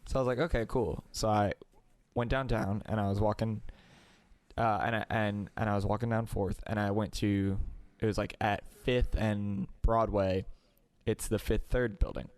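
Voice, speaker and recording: A man's voice: fairly low pitch, little pitch movement, moderate pace, darkish tone, clear, resonant tone, no echo. Podcast host guy rambling a story, lots of likes, dead dry mic. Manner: rambling with many "like"s and restarts. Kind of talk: casual storytelling.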